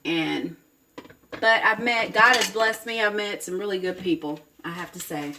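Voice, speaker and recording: A woman's voice: medium pitch, normal speed, noisy background. A woman with a Southern US accent chatting casually while she cooks, folksy and talkative, calling her viewers honey and baby. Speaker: cooking vlogger. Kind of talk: casual cooking chat to camera. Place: home kitchen. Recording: roomy kitchen with cooking noises. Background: faint clatter of dishes and cutlery.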